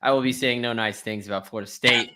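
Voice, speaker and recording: A man co-hosting a sports betting podcast, chatting casually with a hyped-up, drawn-out delivery. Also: mid-range voice, steady tone, pushed and bright. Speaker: podcast co-host.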